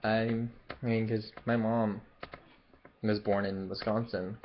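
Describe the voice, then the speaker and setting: Here the Memphis-born young YouTuber talks slowly in a fairly flat, low voice, with no regional accent. He meanders through a relaxed Q&A vlog, restarting often and using lots of fillers, on a lo-fi recording with light background noise.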